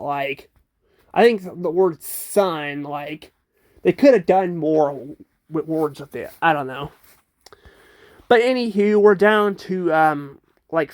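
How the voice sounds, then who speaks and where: A young man casually ranking children's learning games, hesitant and unsure, with frequent ums and restarts. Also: a little high. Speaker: creator ranking educational games. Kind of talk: casual commentary.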